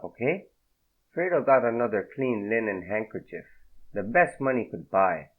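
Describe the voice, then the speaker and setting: A male audiobook narrator with a fairly low voice reads at a steady, unhurried pace. The sound is thin and narrow, like it comes over a phone line.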